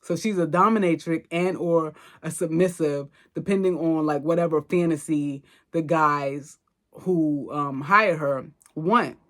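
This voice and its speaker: A woman hosting a podcast, recapping a film in a chatty, slangy, expressive way. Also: sits low, measured pace. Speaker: podcast host. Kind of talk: casual movie recap.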